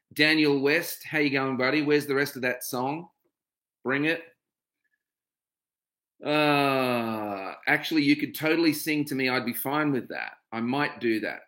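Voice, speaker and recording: A middle-aged Australian man chats casually on a livestream, rattling off viewers' names with easy familiarity. His voice is bright and forward. When he turns to his own story, the talk becomes personal and reflective. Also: medium pitch. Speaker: livestream host. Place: home.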